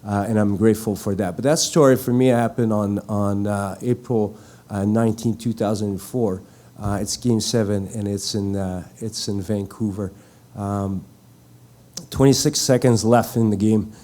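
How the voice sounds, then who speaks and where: A middle-aged man gives a live tribute speech as a former teammate, telling a story in halting phrases with many fillers and restarts. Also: fairly low pitch, steady tone, mellow.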